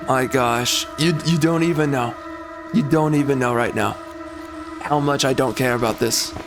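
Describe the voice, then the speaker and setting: A man's voice: mid-range voice, moderate pace. A man giving sarcastic, mocking running commentary while playing a video game. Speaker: streamer. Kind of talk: gameplay commentary. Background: game music and sound.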